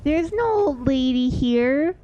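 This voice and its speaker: Excitable young woman streamer, slow-paced. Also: sits high, muffled recording, a little hiss or hum. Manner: excitable and gushing, with little squeals. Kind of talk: casual gameplay chat.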